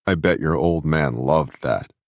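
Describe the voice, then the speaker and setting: A male audiobook narrator voicing a gentle, reassuring young man on the phone. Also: a bass voice, unhurried, no echo, clean studio sound. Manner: soft, reassuring. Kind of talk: audiobook dialogue.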